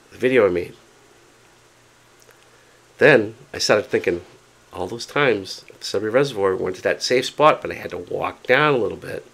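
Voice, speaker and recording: A man casually telling a story to camera, chatty and animated, often repeating himself for emphasis. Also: fairly low pitch, gravelly. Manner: excited, determined. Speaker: vlogger.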